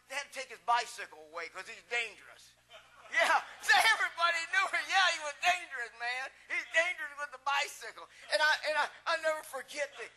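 Male pastor, storytelling sermon, very bright and tense-sounding, animated. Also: extremely high pitch. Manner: animated storytelling, acts out the people he quotes.

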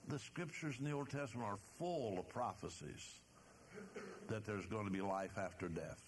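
An older man preaching a sermon in church, reading scripture slowly and emphatically, with some restarts and fillers. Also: on the low side, slight background noise.

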